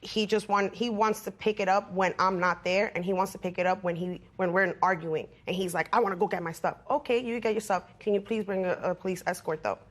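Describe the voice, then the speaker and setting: Young woman litigant, mid pitch, complaining, explains her grievances in detail. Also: steady tone, a little fast, few pauses. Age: young adult. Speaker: litigant on a court show.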